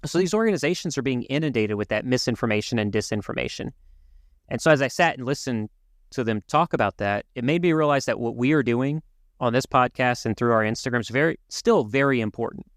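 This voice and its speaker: A man co-hosting a podcast, talking through world events in an earnest, measured way with some restarts. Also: medium pitch, lively intonation, dry recording, studio quality. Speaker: podcast co-host. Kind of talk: casual conversational commentary.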